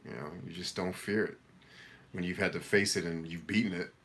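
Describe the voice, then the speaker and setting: A middle-aged man hosting a live coaching Q&A, reading viewer comments aloud and giving direct, energetic, motivational advice in a casual way. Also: deep voice, brisk, a little hiss or hum.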